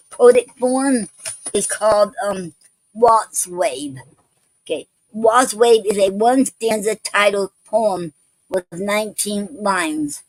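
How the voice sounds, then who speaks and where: A woman's voice: medium pitch, dry recording, low-quality recording. A woman hosting an online poetry show, talking casually with many ums, restarts and repeated okays.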